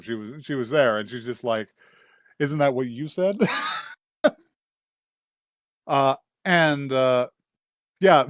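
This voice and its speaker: A man's voice: medium pitch, no room sound, studio quality. A man hosting a podcast, casually recapping an anime episode in a rambling way, with many fillers and frequent laughs. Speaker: podcast host.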